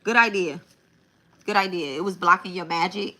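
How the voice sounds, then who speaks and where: Woman doing a live tarot reading, lowish voice but bright and punchy, repeats herself a lot. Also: moderate pace. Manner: casual, repeats and restarts phrases; blunt, swears. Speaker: tarot reader.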